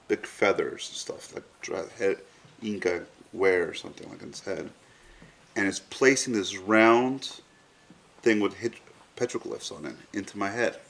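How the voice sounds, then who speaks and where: A man's voice: low-pitched, fairly even intonation, moderate pace, gravelly. A man in an interview recounting a personal experience frankly, swearing freely and telling it vividly. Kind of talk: candid storytelling in an interview.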